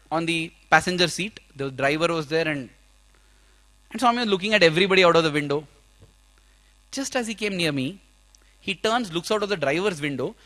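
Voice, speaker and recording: A young man tells a personal story from a conference stage in a high voice with a bright, forceful edge. He acts out his own past words and prayers as if reliving them, jumping from loud outbursts to hushed, low asides. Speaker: speaker at a youth conference. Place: conference hall.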